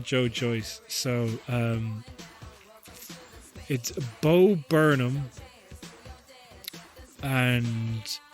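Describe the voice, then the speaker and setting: A man rambles through a comic podcast riff, swearing freely and laughing as he goes. His voice sits at an ordinary middle pitch, with faint music under it. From Ireland. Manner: profane, rambling, joking, laughs often. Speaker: podcast host. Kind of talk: comedic rambling chat.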